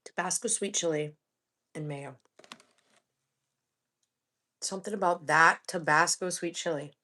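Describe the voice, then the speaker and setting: A woman in her forties chats casually on a live cooking stream, her voice sitting a little low for a woman. She talks in a relaxed, rambling way and hums contentedly between bites. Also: a little slow. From Florida. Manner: relaxed, chatty, hums with food between remarks. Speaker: livestream host cooking and eating. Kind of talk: casual live chat while eating.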